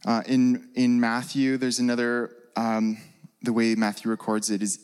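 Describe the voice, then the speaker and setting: Casual young-sounding preacher in a hall. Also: male voice, medium pitch, completely flat delivery, normal speed, a little mellow, clean tone. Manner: casual, conversational, with many fillers. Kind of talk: sermon.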